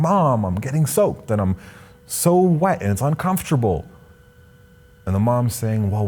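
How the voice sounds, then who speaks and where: A man's voice: mid-range voice, darkish tone. A young man from Canada, a spoken word poet, giving a motivational address and reciting poetry with rhythmic sweeping rises and falls.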